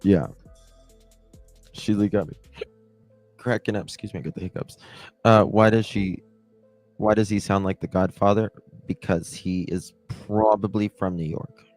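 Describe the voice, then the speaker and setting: A man's voice: lowish voice, steady tone, a little slow, pauses often, a little mellow, soft background music. A man hosting a livestream, chatting casually with viewers and laughing at their comments. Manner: giggly, jokey banter. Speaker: livestream host.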